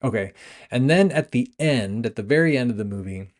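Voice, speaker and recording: On his laid-back film review podcast, a young male host recounts scenes, laughing, backtracking and correcting himself along the way. He speaks briskly in a mid-range voice with lively intonation.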